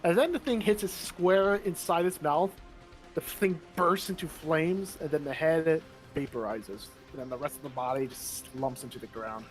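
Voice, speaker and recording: A man running a tabletop game as game master, giving relaxed, matter-of-fact rulings. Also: a little high, moderate pace. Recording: faint background music.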